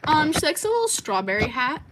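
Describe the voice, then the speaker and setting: A woman's voice: sits high, sing-song, a little fast, noisy background. A young American woman hosting a casual livestream and answering chat, with lots of ums and likes. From United States. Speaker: livestream host.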